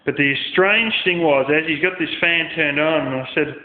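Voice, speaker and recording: A man's voice: a little high, moderate pace. An Australian man telling a rambling story bluntly, with lots of swearing. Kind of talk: casual storytelling rant. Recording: tinny phone-like sound in an echoey room.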